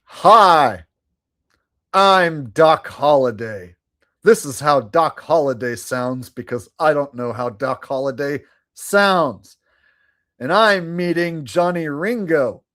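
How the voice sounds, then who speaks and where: A man voicing goofy made-up Wild West gunslingers, in a high, strained, overdone voice with a mock-formal, clueless manner. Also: a bit bright.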